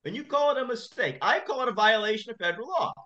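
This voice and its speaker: A man, an attorney, speaking as a guest in a podcast interview and telling stories in an impassioned, animated way. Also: very high-pitched, quick pace, muffled recording.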